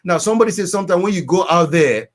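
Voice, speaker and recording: Earnest advice-giving man with a slightly high voice, preachy, repeats himself for effect. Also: lively intonation, fast talker. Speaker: guest counselor. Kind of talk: advice talk.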